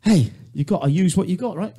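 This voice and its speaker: A man's voice: high-pitched, fairly quick, slightly rough. Swearing English man hosting talk radio. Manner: swears freely, animated, acts out anecdotes in voices. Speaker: radio show host. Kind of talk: casual studio chat. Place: radio studio.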